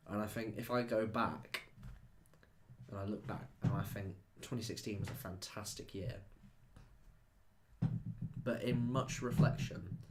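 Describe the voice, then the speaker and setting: A man's voice: on the low side, slight background noise. A young man co-hosting a podcast, rambling animatedly in casual chat. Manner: animated, rambling, full of "like" and laughs. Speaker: podcast co-host.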